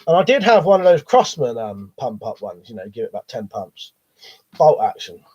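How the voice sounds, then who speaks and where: A man's voice: medium pitch, big pitch swings, normal speed, darkish tone, breathy edge. A man with a cold, coughing as he hosts a live stream, reading viewer chat in a rambling, sweary, hesitant way. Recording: dull lo-fi stream audio.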